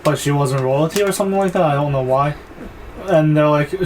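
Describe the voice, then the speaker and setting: Young male co-host, casual gaming chatter; rambling, filler-packed, slightly high pitch. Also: normal speed, slight background noise, rough recording. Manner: rambling, filler-heavy storytelling with swearing. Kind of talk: casual let's-play chat.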